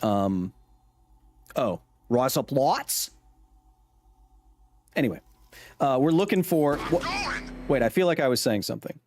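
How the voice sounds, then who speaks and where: A man's voice: medium pitch, lively intonation, a little slow, long pauses, a little mellow, a little hiss or hum. A man hosting a casual gameplay livestream, joking as he reads and answers his chat's messages. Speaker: livestream host.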